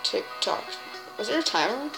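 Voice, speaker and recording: A woman giving excitable gameplay commentary in a put-on silly voice, full of exclamations. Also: a little high, moderate pace. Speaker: gaming video creator. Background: game music.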